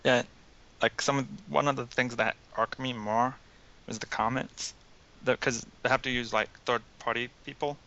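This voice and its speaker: Flat bright blunt guy on lo-fi podcast. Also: mid-range voice, moderate pace. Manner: blunt, opinionated. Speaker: podcast co-host. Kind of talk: casual gaming chat. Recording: dull lo-fi with faint hiss.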